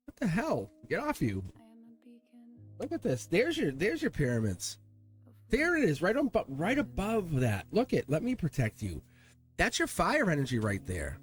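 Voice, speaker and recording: A male tarot reader with a fairly high voice that swings all over as he rambles through a casual reading, chatting to his cards and chuckling. Soft music plays faintly behind him. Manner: animated, rambling, talks to the cards and laughs.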